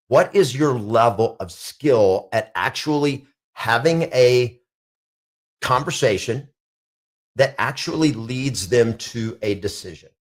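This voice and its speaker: A middle-aged man coaching real estate agents in an emphatic motivational talk, repeating declarations with rising intensity. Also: medium pitch.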